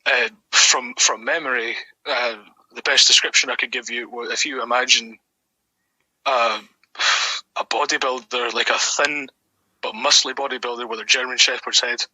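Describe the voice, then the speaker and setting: A man's voice: medium pitch, fairly even intonation, moderate pace, pushed and bright, husky, no room sound, poor audio. A young Scottish man telling a story in a casual, rambling way, swearing often and filling his talk with ums and likes. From Scotland. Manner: rambling and sweary, with many fillers. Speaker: guest.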